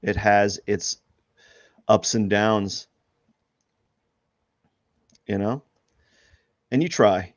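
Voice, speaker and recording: Drawing live on stream, this artist draws out his words and pauses often as he chats, rambling, restarting, using plenty of fillers, and laughing at himself. His voice sits on the low side and stays steady in tone, and the dry recording sounds dull and lo-fi.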